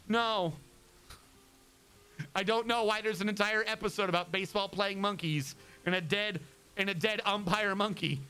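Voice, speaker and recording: High, bright-voiced rambling male streamer. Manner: rambling, excitable, swears freely. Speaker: livestreamer. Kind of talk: casual rambling chat.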